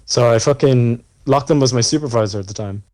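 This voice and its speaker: A man's voice: mid-range voice, a little fast, darkish tone, no echo. Young Irish guy, podcast co-host, rambling and sweary storyteller. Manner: rambling, profane storytelling full of fillers. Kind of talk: casual chat.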